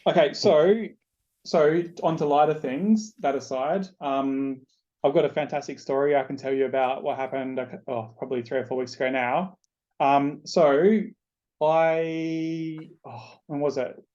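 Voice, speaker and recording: A man's voice: a little high, fairly even intonation, measured pace, darkish tone, highs cut off. A man with an Australian accent hosting a podcast, telling a casual story with plenty of swearing. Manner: chatty, loose, swears freely. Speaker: podcast host.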